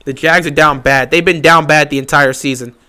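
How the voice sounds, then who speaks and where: A high-pitched, bright-voiced man calls a football game live for his stream viewers. He talks in animated bursts and hammers the same point again and again. At times he drops into a flat, deflated mutter. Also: fairly quick. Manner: animated, repeats points insistently, swings from excited to flat and deflated. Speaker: fan livestream host. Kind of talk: live game watch-along commentary.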